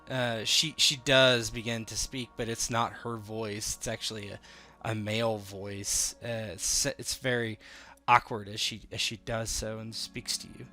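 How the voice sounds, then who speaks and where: A man narrating as game master of a tabletop game. His narration is unhurried and explanatory. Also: on the low side, steady tone, sharp tone, soft background music.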